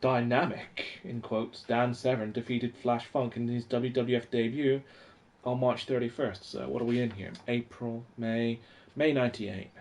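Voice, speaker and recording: A man's voice: medium pitch, steady tone, unhurried, darkish tone, slight background noise. A man in his forties chatting casually on a live stream from home, reading old magazines aloud and talking to viewers. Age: 40s.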